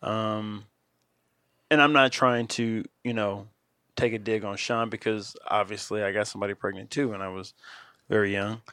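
A man's voice: fairly low pitch, steady tone, moderate pace, bright, forceful tone, clear, resonant tone, no room sound, studio quality. A man co-hosting a podcast, talking steadily and earnestly in a casual chat. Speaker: podcast co-host.

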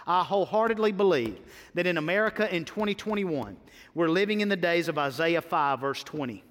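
A preacher with a fairly high, bright voice delivers his sermon in a church sanctuary. He mixes folksy homespun stories with emphatic points, rising loud and dropping soft. A long reverb trails every line. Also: lively intonation, brisk. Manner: folksy storytelling, dramatic swings between loud and soft. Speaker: pastor.

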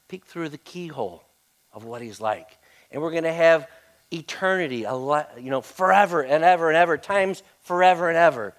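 A man preaching a conversational sermon as a pastor in church, often repeating words and swinging between soft and loud. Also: fairly high pitch. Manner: conversational, repeats words, varies loudness widely. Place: church sanctuary.

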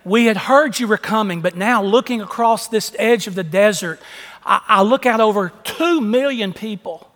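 A man's voice: high-pitched, normal speed, fairly bright tone. A man voicing an earnest foreign woman who pleads with a people. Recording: long echo of a large hall.

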